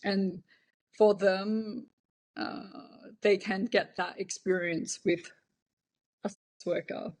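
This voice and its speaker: Frank woman guest, middle pitch. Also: fairly even intonation, takes it slowly, a little mellow. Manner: frank, laughs now and then, hesitant fillers. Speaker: interview guest, former cam model. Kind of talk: candid conversational storytelling.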